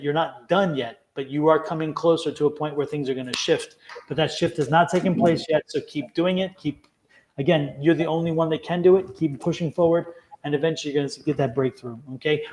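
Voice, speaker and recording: A man with a fairly high voice gives a live tarot reading. He is earnest and encouraging, and he circles back to the same advice again and again. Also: darkish tone, slight background noise. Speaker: tarot reader co-host.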